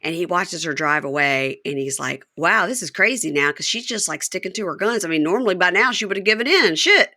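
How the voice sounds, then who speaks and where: A woman's voice: fairly low pitch, fast talker, hardly any pauses. A woman hosting a podcast, recapping a show in casual chat and acting out the lines she quotes. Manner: animated storyteller who acts out quoted lines. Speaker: podcast host.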